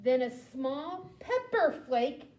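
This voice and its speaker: A young adult woman teacher reading a picture book aloud to children in an animated, expressive way, with asides to them. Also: high voice, slow. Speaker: teacher leading a language group. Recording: echoey room with faint background hum.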